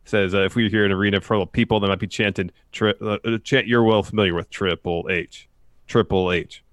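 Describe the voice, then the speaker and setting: A man's voice: on the low side, fairly even intonation, very fast, no echo. A man co-hosting a podcast, joking in casual chat and reading quotes aloud as he recaps a show. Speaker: podcast co-host.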